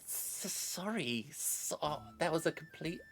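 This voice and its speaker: A man voicing hooded crow-like figures who apologize over and over in a soft, fawning way. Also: a little high, lively intonation, slow, a little hiss or hum, voice pushed up. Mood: apologetic. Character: pair of hooded crow-folk, swift and overly apologetic.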